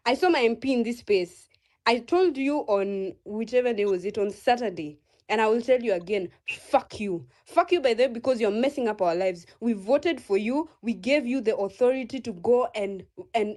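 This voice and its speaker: A woman's voice: fairly high pitch, darkish tone. A woman with a Kenyan accent giving a furious, profane protest speech in an online audio space, rallying listeners.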